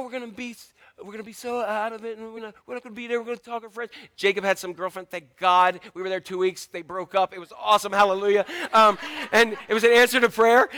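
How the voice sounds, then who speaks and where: A middle-aged man pastor giving a sermon, telling family stories with humor in an animated way. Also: sits high, no echo.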